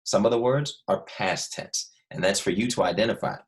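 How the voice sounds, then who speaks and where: A man teaching a recorded lesson to young students, explaining patiently and repeating key points slowly. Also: lowish voice.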